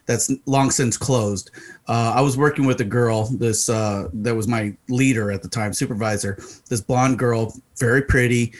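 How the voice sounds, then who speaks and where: A man telling a story in casual chat, profane and animated, acting out the people in it. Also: mid-range voice, moderate pace. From Arizona. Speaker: podcast co-host.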